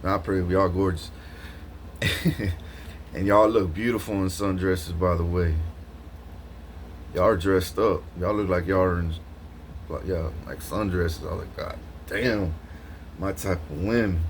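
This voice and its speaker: A man talking straight to camera in a rambling, slangy, animated monologue, laughing often, just up from a nap. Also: low-pitched, measured pace, pauses often, slight background noise. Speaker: vlogger.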